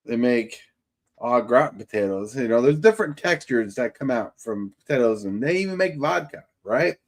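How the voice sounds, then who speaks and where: A man's voice: medium pitch, animated, moderate pace. A man hosting a casual livestream, chatting in a rambling way and greeting viewers by name. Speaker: livestream host. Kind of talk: casual chat.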